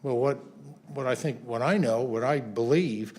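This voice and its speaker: A man's voice: medium pitch, moderate pace, a little mellow, breathy edge. A man, a congressman, giving a statement at a press conference, with many fillers and restarts.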